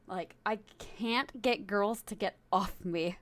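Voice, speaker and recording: A woman's voice: mid-range voice, slow pace, dry recording. A young woman streaming, chatting casually with her viewers, giggling often and rambling from one thought to the next. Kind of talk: casual chat with live chat.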